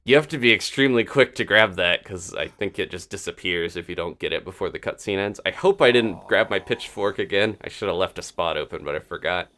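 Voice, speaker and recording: A man's voice: low-pitched, animated, a little fast, hardly any pauses, bright, forceful tone. A man streaming gameplay live, chatting casually to viewers and laughing often as he plays. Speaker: game streamer.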